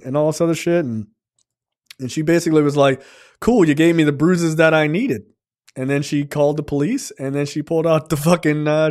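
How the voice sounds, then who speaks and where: A man with a slightly high voice rambles through a film recap in loose, profane podcast talk. He keeps slipping into the characters' lines to act them out. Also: a little mellow. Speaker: film review podcast host. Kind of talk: casual movie recap with profanity.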